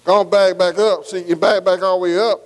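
A man's voice: high-pitched, level tone, brisk, poor audio. A man preaching a call-and-response sermon, asking "am I right?" again and again. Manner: repeats "am I right?" to the congregation.

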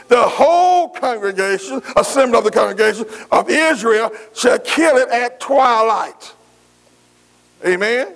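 A male preacher delivering a sermon. He repeats phrases, calls out amen to the congregation and slows down when reading scripture. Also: very high-pitched, expressive, creaky, fairly bright tone.

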